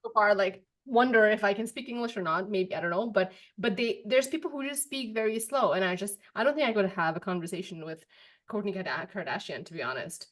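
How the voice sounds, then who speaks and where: A young woman hosts a podcast in easy, casual chat. She tells her stories in a lively, expressive way and keeps the pace quick. Her voice sits at an ordinary middle pitch. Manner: animated storyteller, quick and expressive. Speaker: podcast host.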